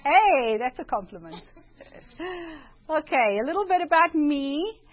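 A woman's voice: high voice, big pitch swings, measured pace, highs cut off. A woman with a South African accent giving a chatty, informal talk to an audience. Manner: chatty, self-deprecating, prays before speaking. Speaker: speaker at a church presentation.

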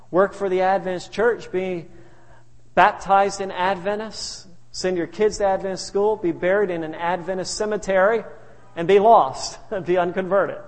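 A man with a fairly high voice preaches to a congregation. He tells homey stories about his family to make his points. His voice rings out with a long hall reverb. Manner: folksy, telling family stories. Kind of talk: sermon. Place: church.

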